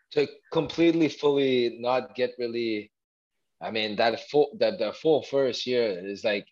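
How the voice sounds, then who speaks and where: Guy, halting and full of restarts, middle pitch, bit muffled lo-fi sound. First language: French. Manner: halting, many restarts and fillers. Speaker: guest, former athlete. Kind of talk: casual storytelling interview.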